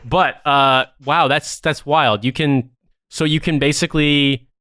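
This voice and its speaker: A man's voice: fairly high pitch, steady tone, unhurried, pushed and bright, clear, resonant tone, dry recording, studio quality. A man hosting a podcast, reacting in casual chat and swearing a lot. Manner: incredulous, swears often. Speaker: podcast host.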